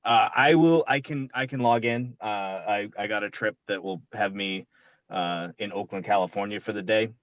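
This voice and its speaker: A man on a video call from his parked car, talking casually in a meeting, halting and apologetic with many fillers. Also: lowish voice, dry recording, dull audio. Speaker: commission member.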